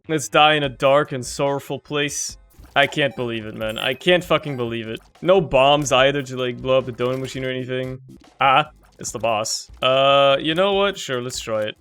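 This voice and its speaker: Bright-voiced man grumbling over gameplay. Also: medium pitch, normal speed, vocal fry, soft background music. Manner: frustrated, swings from grumbling to shouting. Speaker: gameplay commentator. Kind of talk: casual gameplay commentary.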